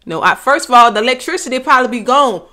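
A woman's voice: on the high side, expressive, fast talker, bright, forceful tone. A woman hosting a reaction video, talking emotionally and exclaiming back at the song. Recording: music playing behind.

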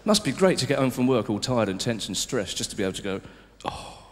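A man doing live stand-up, swinging from loud mock outrage to low confiding murmurs. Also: very animated, quick pace. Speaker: stand-up comedian. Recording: live hall recording with reverb and hiss.

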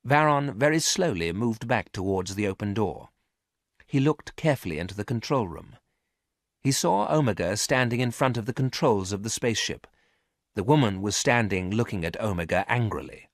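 A man with a low, lively voice narrates a graded science-fiction reader for English learners, clear and careful. His pitch moves a lot as he tells the story. The recording is close and dry. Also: normal speed, no room sound.

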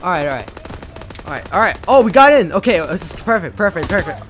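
Man, high voice, very lively pitch, excitable, yelling in bursts, hoarse, let's play commentary, game music and gunfire behind. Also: fast, a little hiss or hum. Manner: excitable, yells and repeats words in bursts. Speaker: gaming video creator.

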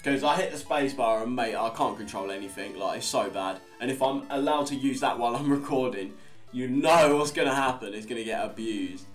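A young man talks through his game in a loose, rambling way, with a middle-pitched voice. He chats and swears casually as he plays. Faint guitar music runs behind him. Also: a little fast. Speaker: Let's Play host. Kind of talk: casual gameplay commentary.

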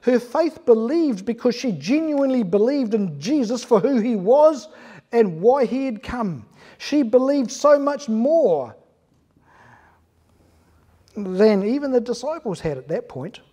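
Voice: mid-range voice, very animated, unhurried, mellow, highs cut off. A pastor preaching an earnest, emphatic sermon in church, asking the congregation rhetorical questions.

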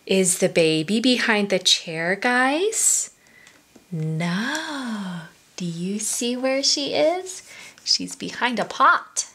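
A woman's voice: a little high, lively intonation, slow, pushed and bright. A woman reading a picture book aloud to young children at story time. She speaks in a sing-song way, asks the children questions and drops into whispers for asides.

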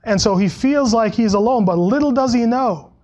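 A male pastor preaching a sermon in a conversational way, with frequent restarts and soft laughs, and dropping his voice when he quotes scripture. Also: moderate pace. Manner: acts out Bible quotes in a lower voice.

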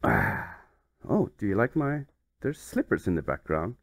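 A man's voice: deep voice, huge pitch swings, measured pace, vocal fry, dry recording, clean studio sound. A man hosting a comedic game playthrough, playful and mock-flustered as he rambles along. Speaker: YouTube gaming host.

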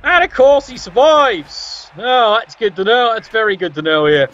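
A man's voice: sits high, sing-song, normal speed, a bit bright, lo-fi sound. A man commentating a tabletop sports game with wry, sarcastic asides.

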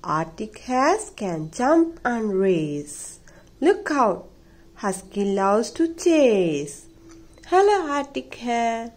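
A woman reads a children's picture book aloud in a higher-pitched, sing-song voice. Her pitch climbs and dips a lot, and she takes her time over every line. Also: very animated, extremely slow, a little mellow. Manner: sing-song, playful, imitates animal sounds. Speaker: storybook reader.

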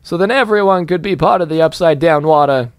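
A man puts on a voice pitched higher than his own natural one, speaking a little quickly as a boastful old-timer who brags in folksy fashion about how things were done back in his day. The clean studio recording has no echo, and the voice sounds natural.

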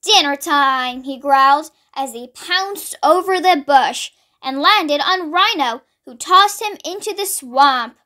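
A woman's voice: sits high, animated, slow, hardly any pauses, bright, forceful tone. Young woman reading a picture book aloud. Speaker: storybook read-along host. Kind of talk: children's read-aloud narration.

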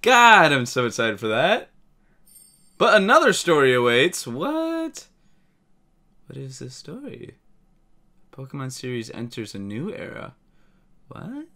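A young man doing a live reaction, excitable and breaking into shouts. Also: mid-range voice, slow pace, long pauses. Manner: excitable, shouts and laughs in bursts. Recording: faint music in the background.

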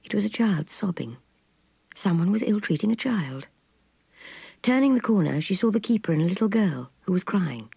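A woman reading a novel aloud, expressive and soft, voicing a troubled young lady. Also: mid-range voice, normal speed, creaky, breathy edge, no echo. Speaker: narrator. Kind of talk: audiobook reading.

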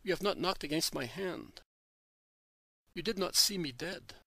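A man reading the words of the risen Jesus in a slow, solemn devotional voice. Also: sits high, animated, vocal fry, sharp tone, breathy edge, no echo, exaggerated voice, poor audio. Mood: tender.

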